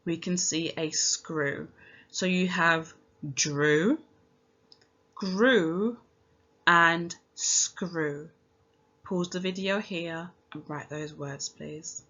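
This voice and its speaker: A woman teacher giving a phonics lesson to young children, speaking clearly and encouragingly and sounding out each word. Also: deep voice, fairly even intonation, takes it slowly, a bit bright, dull audio.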